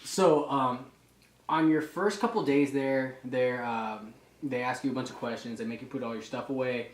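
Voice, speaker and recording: A medium-pitched male voice at normal speed, recorded in an echoey room. He's a fitness vlogger and reservist in his twenties, chatting casually between sets at an indoor gym, telling profane boot camp stories, laughing and acting out his drill instructors.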